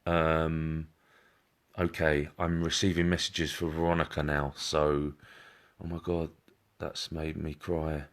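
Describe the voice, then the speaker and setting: A man with a very low voice giving psychic readings on a live stream. He repeats himself, reassures often and calls viewers by name. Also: completely flat delivery, takes it slowly.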